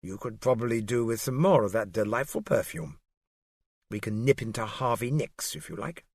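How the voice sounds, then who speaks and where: A man's voice: mid-range voice, normal speed, gravelly, no room sound, studio quality. A man voicing a smug, patronizing middle-aged male official who talks down with jovial condescension.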